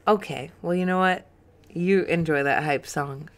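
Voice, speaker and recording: Speaking a little slowly in a deep voice, this young woman co-hosting a laid-back podcast reads through chat comments. She's giggly and rambling, peppering her talk with lots of "um"s and "like"s.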